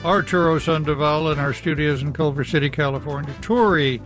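A man's voice: fairly high pitch, a little fast, fairly bright tone, soft background music. A man hosting an interview, polite and formal. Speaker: radio host.

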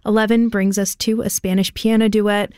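A woman's voice: mid-range voice, flat delivery, normal speed, darkish tone, clear, resonant tone, dry recording, studio quality. Friendly woman previewing a radio playlist. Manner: friendly, reading a program rundown. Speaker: classical radio host. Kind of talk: radio announcing. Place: radio studio.

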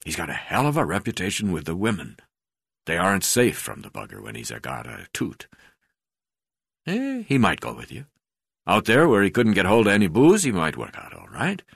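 A man voicing a brash, hard-drinking, portly older male magistrate who talks in a croaking, blustering way. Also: sits low, huge pitch swings, normal speed, fairly bright tone, no echo, clean studio sound, full character voice. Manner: blustering, swearing, boisterous.

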